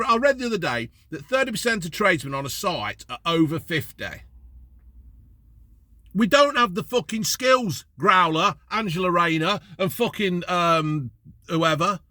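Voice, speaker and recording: A man's voice: high voice, bright, forceful tone, no echo. A man vlogging from a parked car, ranting bluntly and swearing heavily about the topic. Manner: blunt, heavy swearing, exasperated. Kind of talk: ranting to camera.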